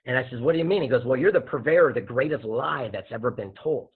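A man, a podcast guest and author, telling a story with lively acted-out dialogue. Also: mid-range voice, quick pace, slightly rough. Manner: animated storyteller acting out dialogue. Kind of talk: storytelling interview answer. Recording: tinny phone-like line.

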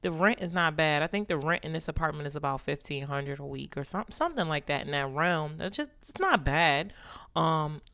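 A woman's voice: low-pitched, expressive, normal speed, fairly bright tone, no room sound. A woman hosting a life-simulation let's play, giving a sassy, joking running commentary on what the characters do. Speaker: gaming channel host.

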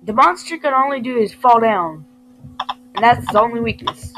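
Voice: medium pitch, animated, moderate pace. A woman giving casual, playful commentary over a video game, scolding her character as she plays. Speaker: gamer commenting on play. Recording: noisy home recording.

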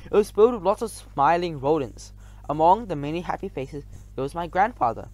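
A man's voice: on the high side, animated, fairly quick, a little mellow. A man reading a first-person children's story aloud, now and then stumbling and restarting words. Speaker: audiobook reader.

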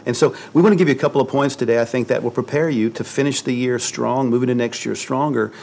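A man's voice: medium pitch, fairly even intonation, fast talker, creaky, darkish tone, a little hiss or hum, rough recording. A man, a pastor, giving a conversational sermon in an earnest way, repeating words for emphasis.

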